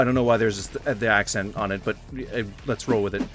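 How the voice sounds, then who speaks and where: A man's voice: on the low side, steady tone, quick pace, few pauses, a bit bright, soft background music. A man giving casual gameplay commentary in a rambling manner, swearing freely and yelping suddenly. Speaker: gaming YouTuber.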